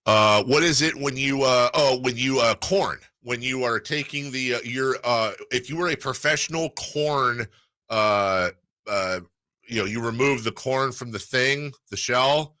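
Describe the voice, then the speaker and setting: A man hosting sports talk radio, chatting casually and playfully, jumping into excited mock voices. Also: mid-range voice, a little slow, no echo.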